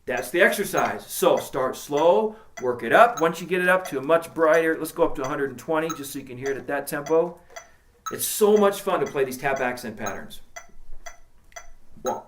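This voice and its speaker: A man gives a drum lesson in a plain, practical way, counting the beats aloud. His voice carries a noticeable room echo. Drum taps and metronome clicks sound clearly behind him. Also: on the high side, lively intonation, fast, a bit bright, a little hiss or hum. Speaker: drum teacher. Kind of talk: instructional talk with counting along.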